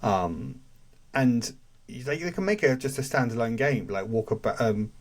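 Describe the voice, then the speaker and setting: A man's voice: medium pitch, expressive, normal speed. A man hosting a podcast, talking in a rambling, chatty way full of restarts. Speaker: podcast host. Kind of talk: casual chat.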